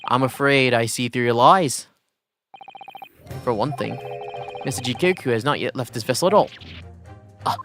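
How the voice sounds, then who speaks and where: A man voicing a theatrical, eccentric gentleman detective who speaks in grand, flowery phrases. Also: normal speed, long pauses, over music, lightly acted. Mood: grandiose. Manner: grandiose, flowery, swooping up high.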